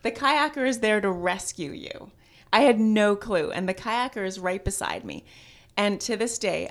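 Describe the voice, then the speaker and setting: A woman telling a personal story as a podcast guest, with a touch of vocal fry in her voice. She talks in an animated, self-deprecating way, laughing at her own mishaps. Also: fairly low pitch. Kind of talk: storytelling in casual conversation.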